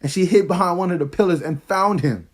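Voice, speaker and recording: A man giving a casual, excited movie review, full of slang as he retells scenes. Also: sits high, fairly quick.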